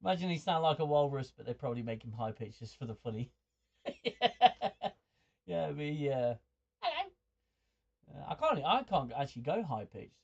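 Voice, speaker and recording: A man's voice: medium pitch, animated, fairly quick, vocal fry, a little mellow. Male livestream host, mid-range voice, chatty and stumbling, muffled lo-fi sound. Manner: stammering, repeats words while thinking; chuckles often, chatty. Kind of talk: livestream chat reading viewer comments.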